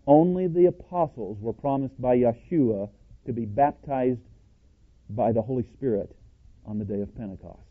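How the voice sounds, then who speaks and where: Plain-spoken man preaching over tinny audio. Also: medium pitch. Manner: emphatic, quizzes listeners with rhetorical questions; self-described cowboy, plain-spoken. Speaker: Bible teacher. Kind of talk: scripture-based sermon teaching.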